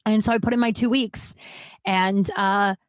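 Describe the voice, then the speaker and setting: Candid woman podcaster, mid-pitched, chatty storyteller with restarts and swearing, dry recording. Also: steady tone, unhurried, no echo. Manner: frank, chatty, acts out quoted people with pitch jumps; profane, lots of likes and restarts. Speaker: podcast host.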